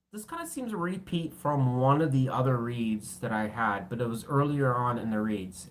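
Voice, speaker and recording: Woman tarot reader, very low voice, chatty and rambling with casual swearing; clear background noise on the track.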